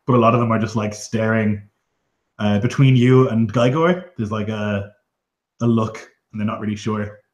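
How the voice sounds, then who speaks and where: A man narrates a tabletop game as its game master, in a loose, casual style full of fillers. His voice sits a little low. The room around him sounds echoey. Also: normal speed.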